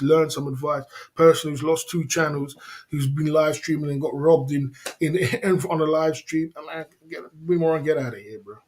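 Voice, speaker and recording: A man's voice: a little high, a little mellow, slight background noise. A man hosting a livestream, ranting indignantly in slangy, repetitive casual talk with frequent laughs. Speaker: livestream host.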